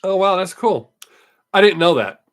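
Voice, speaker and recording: A man hosting a casual live stream, talking straight to his viewers in a slightly higher voice. He answers their comments one by one in an easygoing way. He is quick to wave off people who only criticize. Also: expressive. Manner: dismissive of critics.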